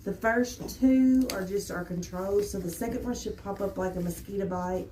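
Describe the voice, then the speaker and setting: A woman's voice: medium pitch, moderate pace, mellow, reverberant, slight background noise. A woman nurse explaining an allergy skin test while talking in sing-song baby talk to an infant in a clinic exam room.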